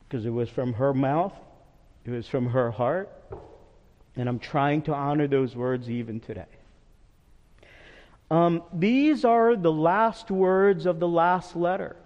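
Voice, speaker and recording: A man preaching a sermon as pastor in a church, earnest and measured, dropping softly when praying or recalling personal memories. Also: fairly high pitch, lively intonation. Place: church sanctuary. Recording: long hall reverb, dull lo-fi sound.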